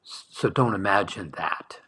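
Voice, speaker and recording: A man leading a guided meditation talk as a spiritual teacher, speaking softly and slowly, lingering on words and sometimes dropping to a whisper. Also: sits low, slightly rough. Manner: soft, slow, dwelling on words, dropping to whispers.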